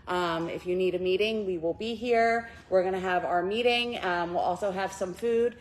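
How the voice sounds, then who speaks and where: A woman's voice: lowish voice, normal speed, low-quality recording. A woman leading a recovery group meeting in a church room, giving chatty announcements and a heartfelt introduction, with many fillers.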